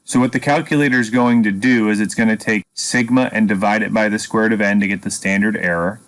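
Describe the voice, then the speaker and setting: A man's voice: on the low side, fairly even intonation, quick pace. A man teaching a statistics lesson, explaining patiently and step by step with a dry sense of humor. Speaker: math teacher. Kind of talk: screen-recorded statistics lesson.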